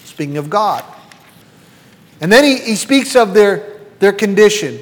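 High-voiced man in his fifties preaching in a reverberant church hall. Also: very animated, unhurried. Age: 50s. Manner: preaching, rhetorical questions to the congregation. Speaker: pastor. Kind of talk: sermon.

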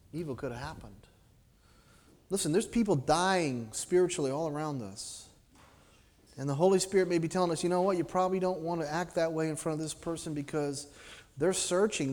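A man preaching a sermon as pastor, animated, acting out little voices and dropping to a soft hush to make his points. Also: fairly high pitch. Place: church sanctuary. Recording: long reverb of a church hall.

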